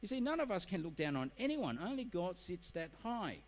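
A middle-aged man preaching a sermon, animated and acting out excuses in quoted voices. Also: sits high, a little fast. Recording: reverberant hall.

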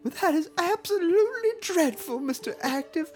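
A woman voicing a prim, sweet elderly lady who talks slowly and with exaggerated politeness, her voice pitched well above her own. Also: expressive, a little mellow. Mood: gushing sincere. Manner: slow, sugary and overly polite.

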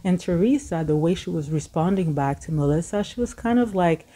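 A woman's voice: fairly low pitch, expressive, a little fast, warm tone. A woman commenting casually to her viewers in a chatty, direct way. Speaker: entertainment commentator.

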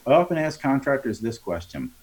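Man coaching on sales, mid-pitched voice. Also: sing-song, a little fast, darkish tone. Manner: coaching tone, acts out customer dialogues, frequent tag "right?". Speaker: sales and financing trainer. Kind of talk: conversational podcast interview.

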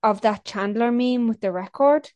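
A woman's voice: on the high side, normal speed, darkish tone, dry recording. A woman co-hosting a podcast, chatting casually and gushing, rambling with lots of fillers. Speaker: podcast co-host. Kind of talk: casual chat.

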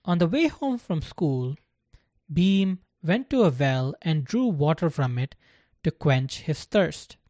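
A narrator reading a story aloud in a slow, deliberate scripted style. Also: mid-range voice, expressive, dark tone, dry recording, clean studio sound.

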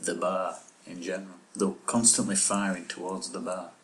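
A man with a very deep voice trades casual banter as a podcast co-host. His opinions come out blunt and his jokes land dry. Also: flat delivery, normal speed, a bit bright. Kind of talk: casual banter reviewing an episode.

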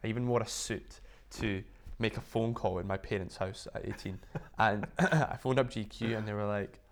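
A man, a guest in an interview, telling his story in a chatty, animated way with lots of fillers and restarts. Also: on the low side, moderate pace, creaky. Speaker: interview guest, business founder. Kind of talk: casual storytelling.

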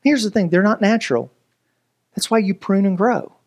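A man, preaching a lively, joking sermon as pastor. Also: high-pitched, moderate pace. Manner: animated, joking, preacherly delivery with voices and asides.

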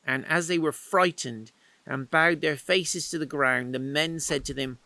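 A man's voice: a little high, unhurried, bright, forceful tone, low-quality recording. A man teaching from the Bible outdoors in the wind, retelling the story in a chatty, playful way with asides. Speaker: preacher.

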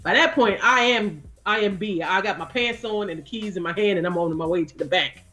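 A woman's voice: medium pitch, brisk, soft background music. A woman co-hosting a casual chat show, telling stories and acting out the people in them. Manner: animated, acts out quoted voices. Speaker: co-host.

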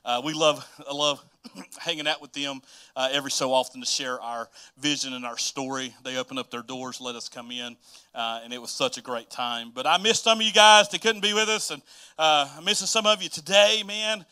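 A man's voice: medium pitch, brisk, sharp tone, smooth. A middle-aged male pastor preaching a casual, chatty sermon and repeating phrases for emphasis.

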